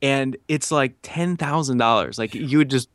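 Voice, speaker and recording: A man in his thirties tells a story as a podcast guest, mid-pitched and animated. He acts out what people said and leans on fillers like "you know" and "like." The sound is dry and close. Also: normal speed, no echo. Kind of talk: casual storytelling.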